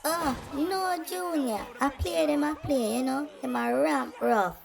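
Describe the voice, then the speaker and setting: A performer voicing a nervous young female babysitter with a Jamaican accent in a cartoon, high and fretful. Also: measured pace, creaky, noisy background, full character voice.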